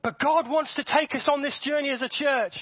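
A man preaching a sermon to his congregation, animated and often repeating words as he builds his points. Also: extremely high pitch, a little fast, no room sound. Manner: animated, repeats words, acts out voices for effect. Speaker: pastor. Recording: dull, dry sound.

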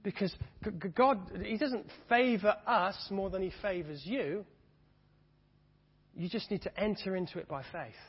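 Male preacher, fervent and repetitive, slightly husky voice, dull lo-fi church recording. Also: high-pitched, unhurried. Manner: fervent, rising and falling, repeats phrases. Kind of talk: sermon. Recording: dull reverberant hall sound.

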